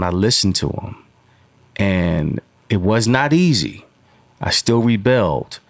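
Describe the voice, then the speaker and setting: A man's voice: lowish voice, no echo. A man in his forties, a podcast guest, telling stories in a rambling way with many fillers. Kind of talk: casual storytelling interview.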